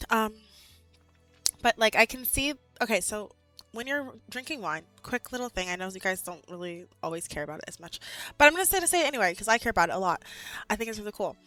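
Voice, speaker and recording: A young woman in her twenties chatting casually with her live chat as a streamer, animated and full of "like"s and laughs, a bit out of breath. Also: medium pitch, quick pace, no echo, soft background music.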